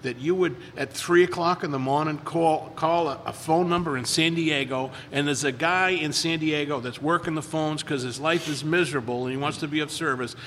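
A man with a bright, fairly high voice tells stories to a recovery group in a loose, rambling way. He stumbles over repeated words and acts out the lines of other people as he goes. His voice rings through a reverberant room with a faint hum of ambience behind it. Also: moderate pace, few pauses. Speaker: recovery meeting speaker. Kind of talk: casual storytelling talk.

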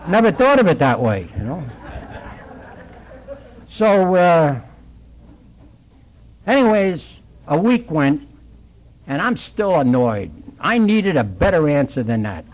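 A man's voice: fairly high pitch, big pitch swings, normal speed, long pauses, rough recording. Older New man telling a story. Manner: plainspoken, working-class storyteller acting out dialogue. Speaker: recovering alcoholic sharing his story. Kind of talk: storytelling at a recovery meeting.

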